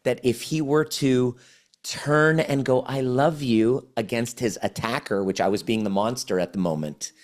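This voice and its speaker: A man's voice: mid-range voice, normal speed. A man in his forties, a guest on a podcast interview, explaining things earnestly and often restarting his phrases. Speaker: podcast guest, trauma healing coach.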